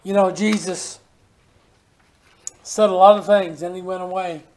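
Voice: mid-range voice, steady tone, a little slow, a little mellow, a little hiss or hum. A preacher giving a folksy sermon and reading scripture, often repeating words for emphasis.

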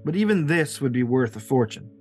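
A man running a tabletop game as game master, relaxed and laughing often. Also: mid-range voice, fairly quick, soft background music.

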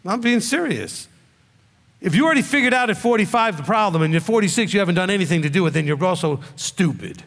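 A male rabbi delivers a blunt, scolding sermon in a high voice, firing off one rhetorical question after another. His intonation is lively, his pace quick and his tone fairly bright. A long hall reverb rings out after each phrase.

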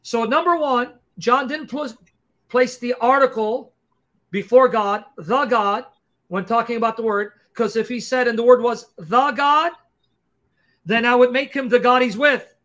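A man hosting a livestream Q&A and explaining grammar point by point in a fast, emphatic, combative lecturing style. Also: very high-pitched, fairly bright tone. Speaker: Christian apologist host. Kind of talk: livestream teaching Q&A.

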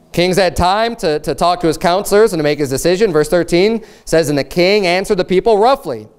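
A man's voice: a little high, darkish tone, clear, resonant tone. A man preaching a sermon as pastor. He speaks earnestly and with emphasis, repeats phrases, and reads scripture aloud in a formal old style.

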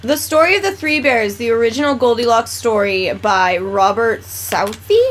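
A woman chatting casually beside a friend's gameplay, reading aloud haltingly and stumbling over words. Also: fairly high pitch, a little hiss or hum. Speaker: game co-host. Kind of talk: casual chat.

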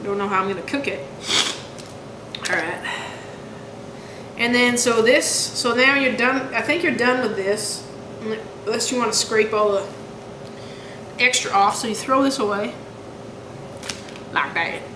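A woman's voice: on the high side, unhurried, long pauses. A young woman vlogger talking herself through a task in a chatty, casual way. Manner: chatty, self-coaching while working. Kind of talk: casual how-to vlog. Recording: echoey room with background noise.

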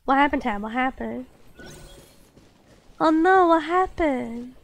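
A woman's voice: high voice, expressive, slow pace, vocal fry. A woman game streamer chatting casually and reading chat aloud, still getting over a cold with a slight cough and stuffy nose.

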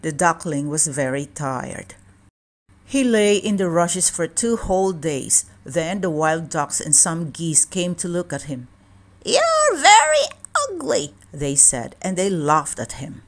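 A woman reading a children's storybook aloud in a calm, measured way. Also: deep voice. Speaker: children's book reader.

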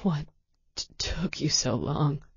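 A woman reading an audiobook voices a badly wounded man struggling to stay conscious, speaking in weak, breathless, halting words. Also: deep voice, lively intonation, dry recording, lo-fi sound, voice pushed down, full character voice. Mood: weak, strained. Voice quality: husky and gravelly.

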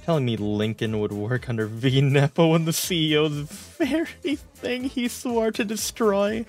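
A man streams in casual banter, his pitch swinging widely as he teases his co-host. He swears offhandedly. Faint music sits underneath. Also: moderate pace. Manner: lively, swears casually, teasing.

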